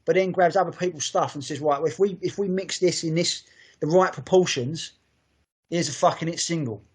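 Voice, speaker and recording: Male podcast co-host, slightly high voice, enthusiastic and profane. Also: brisk, slightly rough. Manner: sweary, enthusiastic, rambling. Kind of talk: casual chat.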